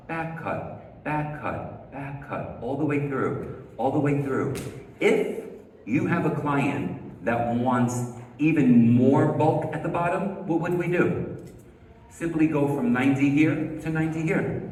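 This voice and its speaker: A man's voice: fairly high pitch, unhurried, darkish tone. A man teaching a live haircut demonstration, coaching step by step, firing rhetorical questions at the class and repeating key words for emphasis. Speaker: hair educator. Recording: echoey hall, mic far off.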